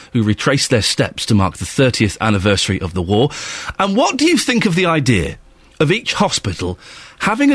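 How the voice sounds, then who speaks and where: A man's voice: mid-range voice, breathy edge, no room sound. A man in his thirties with a London accent, presenting a casual morning radio show with wry, self-mocking chat. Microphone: studio microphone.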